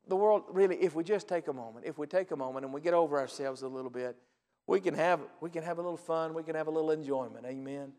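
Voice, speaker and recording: Folksy pastor preaching in a reverberant hall. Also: male voice, fairly high pitch, fast talker. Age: 40s. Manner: folksy storytelling, acts out phone calls, rises to loud preaching. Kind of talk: sermon.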